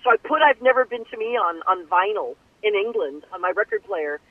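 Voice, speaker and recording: An older woman telling her life story in an interview, animated and acting out the voices of the people she quotes. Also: mid-range voice, brisk, dry recording. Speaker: guest singer. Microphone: telephone. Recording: tinny phone line.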